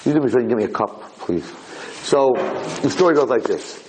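A man giving a Torah lecture, telling lively personal stories and acting out the dialogue, with frequent "right?" asides. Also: medium pitch, brisk, background noise. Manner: animated storyteller, acts out dialogue, frequent "right?".

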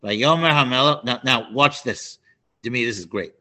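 Bright-voiced man teaching a Bible class. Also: medium pitch, moderate pace. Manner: animated, with frequent restarts and asides. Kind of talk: Torah class lesson.

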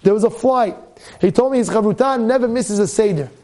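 High-voiced rabbi preaching with fervor. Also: male voice, a little fast. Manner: impassioned, repetitive, bursts into shouting exhortation. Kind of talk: sermon.

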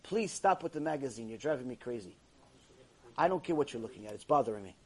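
A man teaching a Torah class to a live audience, telling stories in an animated way and using many Hebrew terms. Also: medium pitch, fast talker, slightly rough.

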